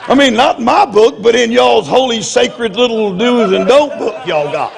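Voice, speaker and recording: A man's voice: extremely high pitch, normal speed, creaky, hardly any pauses, noisy background. A man preaching in a humorous storytelling style, blunt and self-mocking, often laughing as he talks. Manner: blunt, confrontational delivery.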